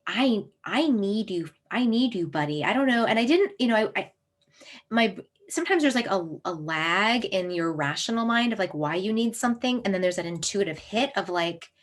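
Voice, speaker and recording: A woman in her thirties, an herbalist, telling a personal story in a casual, animated way, acting out voices and laughing as she goes. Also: mid-range voice, fairly quick. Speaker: herbalist and herb school teacher.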